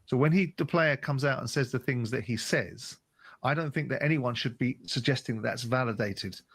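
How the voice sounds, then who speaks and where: A male radio pundit argues his point with emphasis, building it step by step. His voice sits at an ordinary middle pitch. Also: normal speed, slightly rough. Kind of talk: opinionated radio commentary.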